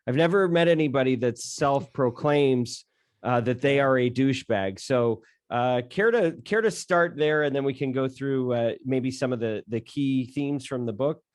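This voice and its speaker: A man's voice: medium pitch, moderate pace, no echo, studio quality. A man hosting an interview, asking questions with hesitant repeats and fillers. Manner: hesitant, repeats words, many "uh"s. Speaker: interview host. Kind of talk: podcast interview.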